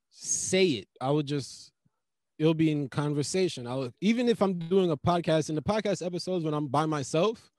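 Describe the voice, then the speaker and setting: A man's voice: a little high, dry recording, clean studio sound. A male stand-up comedian talking casually on a podcast, loose and profane, acting out bits as he tells stories. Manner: loose, profane, animated storytelling.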